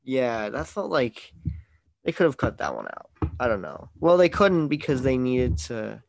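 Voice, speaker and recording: A man's voice: medium pitch, very animated, unhurried, vocal fry. A man hosting a casual movie-review podcast over an online call, opinionated and teasing, with mock exasperation. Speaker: podcast host.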